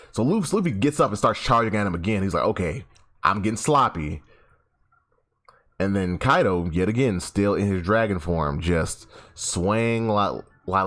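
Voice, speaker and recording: Animated low-voiced man recapping a comic. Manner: animated, swears freely, frequent restarts. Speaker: YouTube host. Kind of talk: casual comic chapter recap. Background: faint background music.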